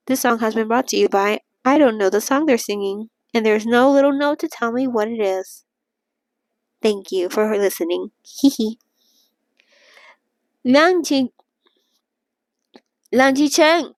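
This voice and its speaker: A young woman reading a novel aloud in a casual read-along and reacting emotionally, with halting restarts and gasps. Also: fairly high pitch, no echo.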